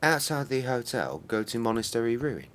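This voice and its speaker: A man's voice: mid-range voice, very animated, normal speed, fairly bright tone. A man streaming a game, swearing and muttering exasperatedly at it. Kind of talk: casual game-stream commentary.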